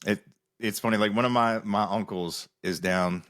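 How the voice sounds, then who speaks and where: A man hosting a podcast in easygoing casual chat, halting and searching for his words. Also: on the low side, steady tone, a bit bright. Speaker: podcast host.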